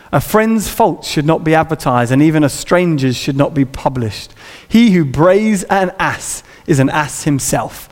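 A man putting on the voice of a stern older Victorian male preacher, slow and solemn. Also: on the high side, darkish tone, pitched below the performer's own voice. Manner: slow, solemn, old-fashioned preaching delivery. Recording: long reverb of a large hall.

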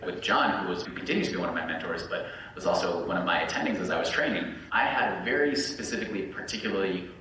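A man's voice: sits low, bright, forceful tone. A man, a physician who teaches residents, reflectively telling personal anecdotes in a casual podcast discussion. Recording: echoey room, distant mic, faint noise.

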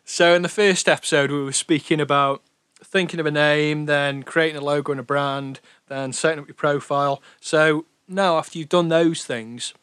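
A man's voice: on the high side, fairly even intonation, normal speed, hardly any pauses, fairly bright tone, smooth, no echo. A young man from Stoke with a Stoke-on-Trent accent, co-hosting a podcast about running a record label in a rambling, chatty way. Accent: Stoke-on-Trent English. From England. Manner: rambling, chatty, self-deprecating. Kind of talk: casual podcast chat.

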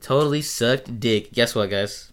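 A man's voice: mid-range voice, fairly bright tone, smooth. A young man hosting a casual podcast, swearing freely and telling stories with a laugh. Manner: profane, storytelling, quick to laugh. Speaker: podcast host.

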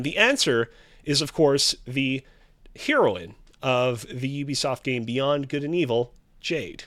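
A man's voice: on the high side, measured pace. A man hosting a trivia game show, reading clues with a theatrical, teasing quiz-host delivery.

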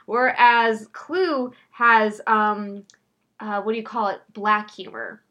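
A woman co-hosting a casual film review podcast, talking in a measured, analytical way. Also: medium pitch, steady tone, bright, forceful tone, dull audio. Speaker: podcast co-host. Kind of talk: casual movie review chat.

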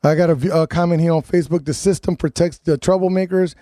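A man's voice: fairly high pitch, fairly even intonation, quick pace, warm tone, dry recording, studio quality. Ranting, fired-up male radio host. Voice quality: ranting, repeats words and restarts. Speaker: radio talk show host. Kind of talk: live talk radio chat.

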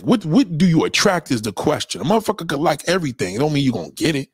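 Talking very fast with hardly any pauses, a middle-aged man with a husky voice rants crudely at livestream viewers as he answers their questions. The recording is studio quality without echo, and his blunt, profane, animated delivery swings widely in pitch.

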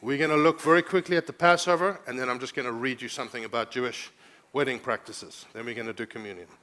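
A man's voice: mid-range voice, fairly even intonation, fast talker, bright, forceful tone. A man preaching a sermon as pastor, teaching scripture and rising to urgent, emphatic preaching, often asking the congregation to respond.

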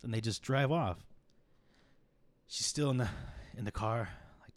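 A man's voice: mid-range voice, a little slow, dry recording. A man hosting a podcast, retelling a story in a casual, rambling way, swearing freely and acting out the quotes. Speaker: podcast host.

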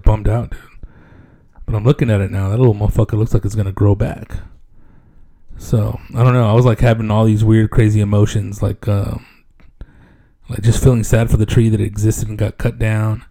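A man's voice: lowish voice, gravelly, dark tone. A man telling a story in a casual, laid-back way, swearing freely and acting out other people's lines. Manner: laid-back and profane, peppered with "dude"; acts out other people's lines in raised voices.

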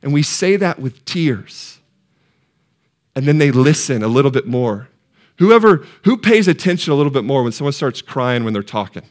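Male pastor, mid-pitched voice, sermon delivery: quiet and tender one moment, rising to loud peaks the next, questions to the room. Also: sing-song, moderate pace. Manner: passionate, swings from hushed to soaring shouts; asks the congregation questions. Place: church sanctuary.

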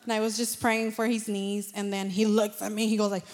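A woman telling a personal testimony to a church in earnest, excited storytelling with frequent laughs. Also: medium pitch, brisk, few pauses. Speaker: congregation member giving testimony.

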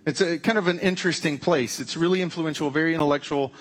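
A man's voice: on the high side, quick pace. A man preaching a conversational sermon, with frequent restarts and casual asides. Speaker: pastor.

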